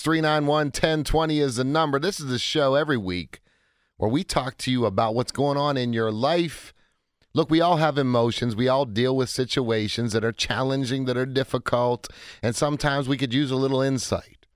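A man in his forties hosting a call-in radio show, talking in an energetic, chatty way with a hoarse, cracking voice. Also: medium pitch, moderate pace, no echo, studio quality. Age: 40s. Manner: energetic, chatty, self-interrupting. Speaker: radio talk show host.

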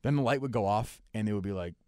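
A middle-aged man hosting sports talk radio, quick and sarcastic, swearing casually as he tells stories. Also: on the low side, warm tone, clear, resonant tone, no room sound, clean studio sound.

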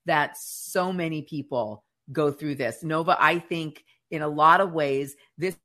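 Woman, podcast co-host, bright forceful tone, animated storytelling, casual faith chat. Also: deep voice, unhurried. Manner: animated storyteller who acts out quotes.

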